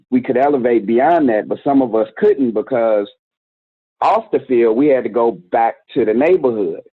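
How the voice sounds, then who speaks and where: A man's voice: on the low side, no echo. Man telling a story over a tinny line. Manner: candid, conversational, slangy. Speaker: youth organization director, guest. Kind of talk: casual storytelling interview. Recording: tinny phone-like dry sound.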